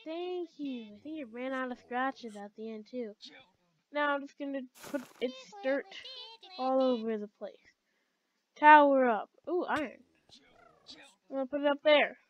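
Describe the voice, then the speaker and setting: A woman's voice: high voice, measured pace, long pauses, lo-fi sound. A woman giving chatty let's play commentary, talking to her game characters as she plays. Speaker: gamer.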